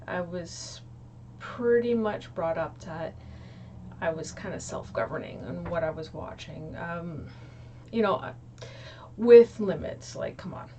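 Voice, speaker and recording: Chatty young woman vlogger, slightly low voice, recorded from a distant mic in a small room. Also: animated, unhurried, dark tone, a little hiss or hum. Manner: chatty, many ums and likes. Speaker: YouTube creator. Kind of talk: casual chat to camera.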